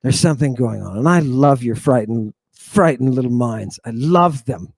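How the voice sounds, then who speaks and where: A man's voice: mid-range voice, moderate pace, dry recording. A man teaching an Ancient Greek lesson in a theatrical, teasing drill-sergeant manner. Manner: animated, teasing.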